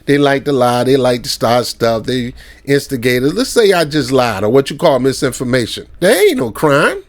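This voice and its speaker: A man's voice: mid-range voice, sing-song, normal speed. A man hosting his own commentary channel, ranting in a heated, slangy way, mocking his target and breaking into laughing anecdotes.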